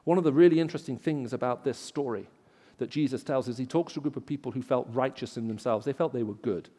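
A man with an English accent, raised in the Middle East, preaching a sermon in an auditorium and telling stories, rising loud for emphasis. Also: mid-range voice, quick pace, breathy edge, long reverb tail. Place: large auditorium.

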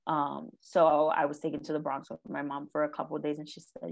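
A young woman with a slightly low voice tells her own hard story in an interview. She speaks earnestly and haltingly, often pausing on "um" and "like." She sounds close to tears. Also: completely flat delivery, creaky, darkish tone. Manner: earnest, halting, with many ums and likes. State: emotional, near tears. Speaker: guest sharing her life story. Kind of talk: emotional personal testimony.

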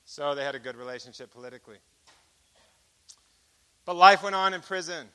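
High, bright-voiced man preaching a testimony. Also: a little fast, smooth. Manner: animated storyteller who acts out dialogue. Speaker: speaker giving a testimony.

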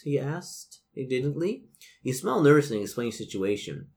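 A man serving as game master who reads a gamebook aloud in a relaxed podcast session and narrates expressively. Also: mid-range voice, brisk, vocal fry.

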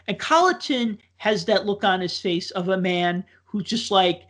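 A man's voice: high voice, measured pace, hardly any pauses, fairly bright tone. A man telling a long casual story, full of likes, ums and restarts. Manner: rambling, filler-heavy with many likes and ums.

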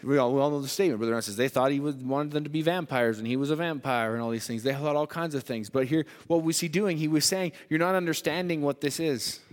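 A man preaching a sermon in a church hall, swinging between loud emphatic lines and hushed ones. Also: a little high, quick pace, few pauses. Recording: long hall reverb.

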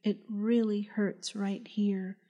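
A woman reading the lines of a grief-stricken young mother, hoarse from crying and speaking in a loud whisper. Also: medium pitch, flat delivery, slow pace, highs cut off, close to an everyday voice. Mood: grieving.

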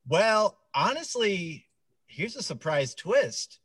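A male comedy podcast co-host with a high, very animated voice. He banters casually and teases quickly. His pitch leaps around a lot as he jokes. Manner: quick, teasing, prone to laughing bursts.

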